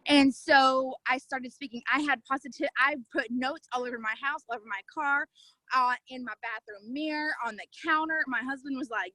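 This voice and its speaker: A woman's voice: high-pitched, brisk, pushed and bright, dry recording, low-quality recording. A woman telling her own story in an emphatic, fervent way on a video call. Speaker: network marketing distributor. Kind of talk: testimonial talk on a video call.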